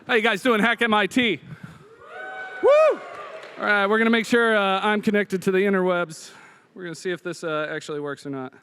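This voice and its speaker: A man from Rhode Island giving a joking, excitable live coding demo on stage at a hackathon. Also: high voice, a little hiss or hum. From Providence, Rhode Island. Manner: joking, fast, excitable, frequent uh fillers.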